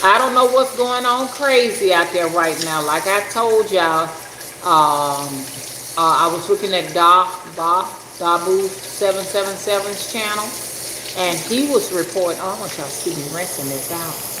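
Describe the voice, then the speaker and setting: A woman's voice: lowish voice, a little slow. Older woman, casual livestream chat, greeting viewers by name, echoey home room, air conditioner hum. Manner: chatty, greets viewers by name while working with her hands. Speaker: rootworker hosting a livestream.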